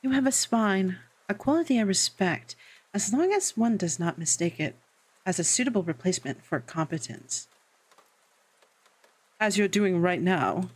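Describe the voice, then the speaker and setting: A woman voicing a tall, coolly polite female witch with a put-on French accent, speaking in a slow, formal and smug way. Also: mid-range voice, animated, darkish tone, slightly rough. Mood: cool disdain. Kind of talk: reading a visual novel aloud.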